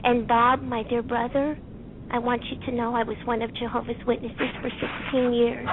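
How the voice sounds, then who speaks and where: A woman calling in to a talk show by phone, speaking in a heartfelt, halting and soft-spoken way. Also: fairly high pitch, flat delivery, a little hiss or hum. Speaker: caller. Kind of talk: emotional call-in testimony. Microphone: telephone. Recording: tinny phone line.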